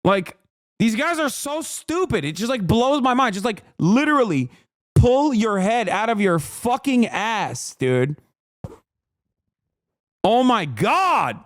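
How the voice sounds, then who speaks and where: A man's voice: extremely high pitch, very animated, a little slow, dry recording, clean studio sound. A man streaming, ranting with heated, profane sarcasm while reacting to a clip.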